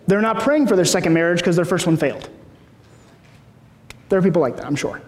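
A man's voice: high-pitched, expressive, fairly quick, darkish tone. A man in his thirties preaching a sermon in a conversational way, often checking in with the room. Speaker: pastor. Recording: echoey hall.

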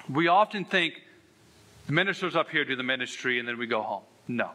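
A man's voice: mid-range voice, expressive, fairly quick, pushed and bright. A man pastor preaching a sermon, telling a candid, self-deprecating story with earnest emphasis. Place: church sanctuary.

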